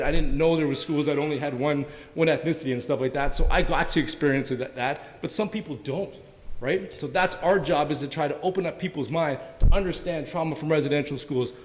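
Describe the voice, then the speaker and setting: A man from Canada, a police officer on a community panel, telling stories in an earnest, anecdotal way and often ending lines with "right?". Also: fairly high pitch. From Windsor, Canada. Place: event hall. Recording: long hall reverb.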